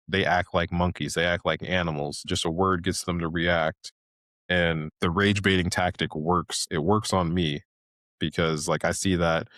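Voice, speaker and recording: A man's voice: low-pitched, a bit bright, no echo, studio quality. A man in his thirties hosting a podcast, ranting casually in a loose, rambling way full of fillers and restarts. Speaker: podcast host.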